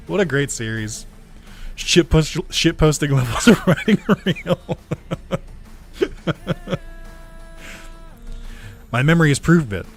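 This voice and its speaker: A man's voice: fairly high pitch, lively intonation, slow pace, long pauses, faint music behind. A man streaming a video game, chatting casually, laughing a lot, swearing and ranting about the story. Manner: giggly, laughs often, swears, rants at the story. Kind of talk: casual let's-play commentary.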